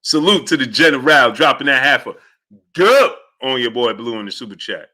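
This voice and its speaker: A man hosting a livestream about boxing, excitable and reading out viewer messages, swinging between loud outbursts and muttering. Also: medium pitch, moderate pace. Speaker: host.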